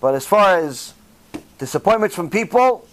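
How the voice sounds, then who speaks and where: Rabbi guy giving a lively sermon, kinda high voice, acts out the back-and-forth. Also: moderate pace, slight background noise. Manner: animated storytelling, acting out dialogue in different voices.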